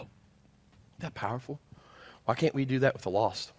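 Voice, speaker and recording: A man preaching an animated sermon as senior pastor, urging the crowd with call-and-response. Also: mid-range voice, a little slow, pauses often, slight background noise.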